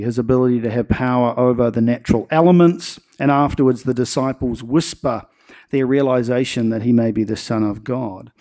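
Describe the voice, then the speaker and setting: A man preaching a sermon and telling stories with acted-out quotes. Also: medium pitch. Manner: animated storytelling with acted-out quotes. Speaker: pastor.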